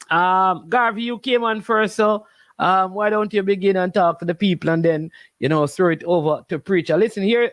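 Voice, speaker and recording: High-voiced Jamaican sports host. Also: male voice, no echo. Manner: chatty, repeats "you understand me". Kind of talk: casual sports talk.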